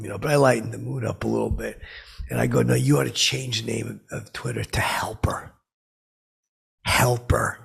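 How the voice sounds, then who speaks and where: A clueless, self-important braggart, as a man puts him on for a comedic monologue, his voice gravelly and rough with a husky, raspy edge. He rambles through his boasts, looping back on himself again and again. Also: lowish voice, a bit bright, exaggerated voice. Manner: rambling, self-aggrandizing, repeats "I go". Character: boastful, clueless middle-aged man telling tall tales.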